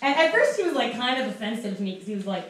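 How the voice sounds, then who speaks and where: A woman emceeing a small open mic with a high voice, talking casually and rambling between acts. She sounds distant from the mic, in a very echoey room with loud background noise. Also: sing-song, very fast. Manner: casual, rambling with filler words. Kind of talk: emceeing and stand-up.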